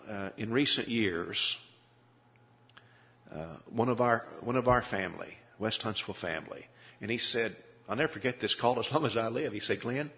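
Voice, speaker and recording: A man's voice: mid-range voice, fairly bright tone. A man preaching a sermon, earnest and pleading, often repeating his words. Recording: long hall reverb.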